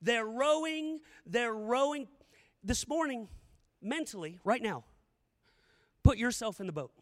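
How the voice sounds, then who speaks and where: Middle-aged man, pastor, sermon, dramatic storytelling, repeats phrases, very high voice, long hall echo. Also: lively intonation, measured pace, fairly bright tone.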